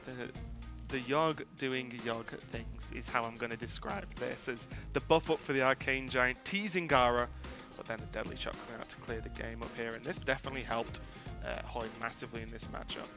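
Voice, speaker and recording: A man's voice: medium pitch, fairly even intonation. Chatty male esports caster over music. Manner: quick, chatty play-by-play with many fillers. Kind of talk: live esports commentary. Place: tournament venue.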